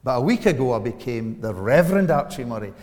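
Scottish minister preaching in a big hall. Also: male voice, big pitch swings, fast talker, a little mellow. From Scotland. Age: 40s. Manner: storytelling with big swings of pitch and volume. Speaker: pastor. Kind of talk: sermon. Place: church.

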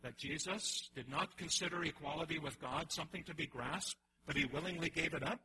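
A man preaching a sermon in an animated way, often restarting his phrases and acting out the voices he quotes. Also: a little high, fairly quick, noisy background. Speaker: pastor.

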